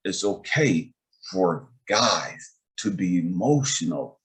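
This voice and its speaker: A man speaks in a somewhat low voice, hosting a casual conversation. He talks emphatically in streetwise slang and keeps checking in with his listener. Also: animated, slow, a bit bright. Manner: emphatic, streetwise, repeats "you know what I mean". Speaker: host and life coach.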